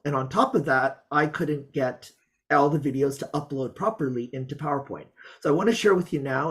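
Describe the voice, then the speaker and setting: A teacher presenting a student project to an online audience. The voice sits at an ordinary middle pitch and the delivery is chatty, upbeat and full of enthusiasm. Small asides keep it conversational. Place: Montreal.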